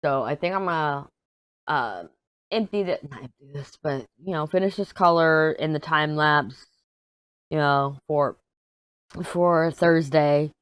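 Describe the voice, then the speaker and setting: A woman, chatting casually as a crafting vlogger in a hoarse, tired voice, rambling and self-deprecating. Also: low-pitched, a little slow, no room sound. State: hoarse, worn out. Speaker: crafting YouTuber. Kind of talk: casual chat while diamond painting.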